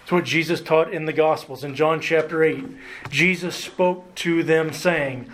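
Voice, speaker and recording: A man preaching a sermon as pastor, earnest, slowing down and lifting his voice to stress key words. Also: fairly high pitch, a bit bright, poor audio. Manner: earnest preaching, slows and rises for emphasis, occasional restarts.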